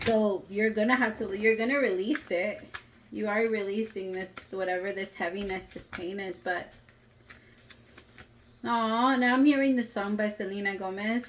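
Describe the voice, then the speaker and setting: A woman's voice: mid-range voice, steady tone, moderate pace, fairly bright tone, a little hiss or hum. Chatty woman doing a tarot reading. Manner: emotional, chatty, swears casually. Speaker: tarot reader.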